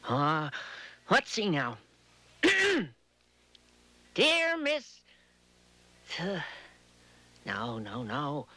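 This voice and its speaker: A flustered, stammering caller. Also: female voice, low-pitched, huge pitch swings, drawn-out words, long pauses, sharp tone, exaggerated voice. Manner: hesitant, stammering. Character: shy young caller stuck for words.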